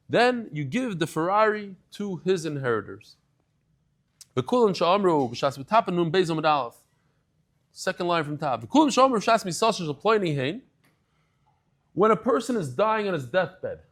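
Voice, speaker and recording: Guy teaching a talmud class, tells stories and acts out the voices, throws in hebrew and yiddish words. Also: a little high. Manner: animated storyteller, acts out quoted voices; mixes Hebrew and Yiddish terms into English. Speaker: daf yomi lecturer.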